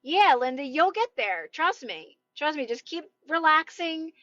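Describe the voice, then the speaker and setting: Loud, high-voiced woman coaching on a live stream. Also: very animated, unhurried, no echo, highs cut off. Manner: loud, emphatic, reassuring. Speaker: manifestation coach. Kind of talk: casual live-stream advice talk. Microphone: phone.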